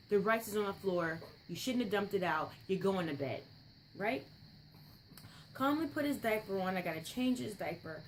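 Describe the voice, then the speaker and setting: A woman's voice: medium pitch, a little hiss or hum, rough recording. A young adult woman, a mother, telling a story in a chatty, rambling way with frequent asides. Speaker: podcast host, mother. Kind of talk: casual storytelling monologue.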